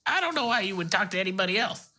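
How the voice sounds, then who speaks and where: A man's voice: high-pitched, animated, rapid-fire, bright, forceful tone, voice pushed up, heavily acted. A man voicing a tiny, cocky male kobold gunsmith with a New York accent in a tabletop game. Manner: cocky, brash.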